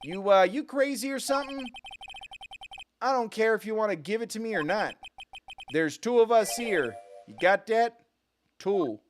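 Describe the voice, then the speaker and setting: A man voicing a hot-tempered menacing mobster thug, with tough-guy slang and hesitant pauses while reading game dialogue. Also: high-pitched, expressive, faint music behind, voice pushed up. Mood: threatening.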